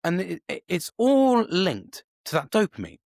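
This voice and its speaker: A man's voice: sits high, huge pitch swings, unhurried, vocal fry, darkish tone, no room sound, studio quality. A man, a podcast host talking alone in a casual, rambling way with lots of swearing and restarts. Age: 40s. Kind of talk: casual solo monologue.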